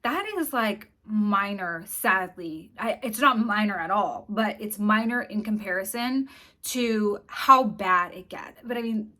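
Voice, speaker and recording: A woman's voice: mid-range voice, unhurried, sharp tone. A woman hosting her own channel, talking casually and bluntly to camera with open disgust. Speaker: commentary vlogger host.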